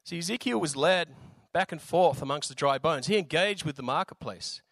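Slightly raspy Australian preacher. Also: male voice, on the high side, normal speed, fairly bright tone, no echo. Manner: informal, jokey preaching with many fillers. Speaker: visiting preacher. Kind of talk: sermon.

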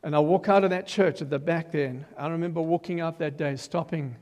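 A man's voice: fairly high pitch, a little fast. Older man preaching in a reverberant hall. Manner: animated storyteller, acts out quotes, bursts of loud emphasis. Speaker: preacher giving his testimony. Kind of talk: testimony sermon. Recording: long reverb of a large hall.

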